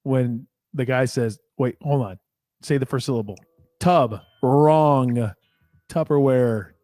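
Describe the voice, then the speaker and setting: A man's voice: mid-range voice, unhurried, dry recording. Give me a man on sports radio, wry and quizzing, in a dry studio. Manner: wry, quizzing, deadpan questions. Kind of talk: casual sports radio banter. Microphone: studio mic.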